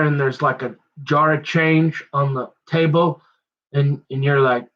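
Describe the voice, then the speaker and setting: A man's voice: medium pitch, slow pace, a bit bright. A man, rambling through a casual monologue with folksy slang, often restarting his sentences. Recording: dull lo-fi sound.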